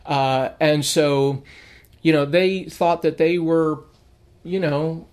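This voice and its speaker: A man's voice: fairly high pitch, fairly even intonation, takes it slowly, a little mellow, clear, resonant tone. A middle-aged man teaching an informal Bible lesson, telling stories in a conversational way and acting out the people he quotes.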